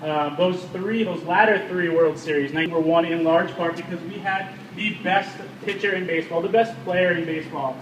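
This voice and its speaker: A man's voice: on the high side, steady tone, normal speed, few pauses. A man leading a guided ballpark tour, telling stories and quizzing the group. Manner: storytelling, quizzes the crowd. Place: outdoors at a ballpark. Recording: distant and echoey, with background noise.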